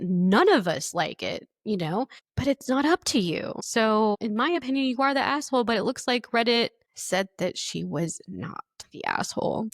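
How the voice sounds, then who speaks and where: A young American woman hosts a podcast, reading online posts and reacting bluntly, swearing freely and laughing often. Her voice sits in the mid-range, and the sound is clean studio audio with no echo.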